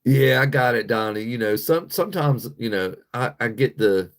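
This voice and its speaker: A man's voice: medium pitch, moderate pace. A man hosting a casual livestream, talking bluntly and profanely to his chat and laughing often. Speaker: livestream host.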